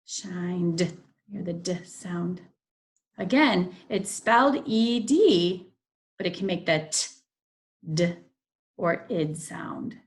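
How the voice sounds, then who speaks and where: A woman teaching a phonics lesson, slowly reading each word aloud and repeating it with care. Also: on the low side, lively intonation.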